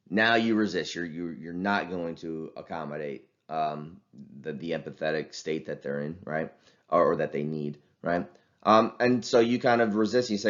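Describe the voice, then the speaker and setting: A man's voice: low voice, normal speed, muffled recording. A man lecturing a class in a casual, conversational way, with many fillers and restarts.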